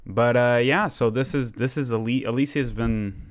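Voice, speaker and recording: Smooth-voiced man hosting a casual podcast. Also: mid-range voice, normal speed. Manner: rambling, swears freely. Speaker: podcast host.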